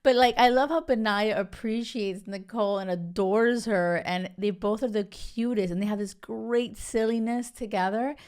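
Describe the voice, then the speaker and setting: A woman's voice: medium pitch, moderate pace, few pauses, a little mellow, smooth. A young woman hosting a podcast, chatting casually and gushing, full of "like" and "you guys". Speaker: podcast host. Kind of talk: casual chat reviewing a reality show.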